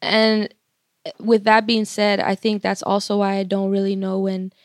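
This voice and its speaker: A woman's voice: medium pitch, completely flat delivery, a little slow, dry recording, clean studio sound. A young woman, a musician guest, telling stories in a casual, profane way full of filler words. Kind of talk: casual interview storytelling.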